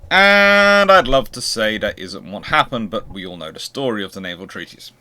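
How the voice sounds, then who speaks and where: A history channel host with a fairly low, bright, forceful voice gives an unscripted lecture at normal speed. His intonation is lively, and he poses rhetorical questions while explaining.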